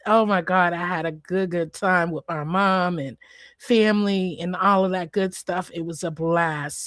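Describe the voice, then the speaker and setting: A woman hosting a casual livestream, hoarse and apologizing for her voice, greeting viewers by name in a chatty, familiar way. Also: on the low side, no room sound, clean studio sound. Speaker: livestream host.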